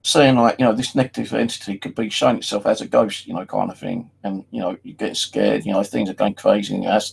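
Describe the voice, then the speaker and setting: A man's voice: fairly low pitch, fairly even intonation, fast talker, creaky, husky, rough recording. A man talking in a casual, rambling personal monologue, full of "you know" and freely swearing. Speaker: vlogger.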